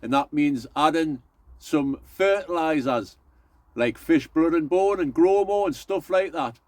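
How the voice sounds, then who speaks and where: A man's voice: on the high side, measured pace, a little mellow, no echo. A middle-aged man, chatting casually and rambling to his viewers as an allotment vlogger. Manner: rambling, folksy, addresses viewers as folks.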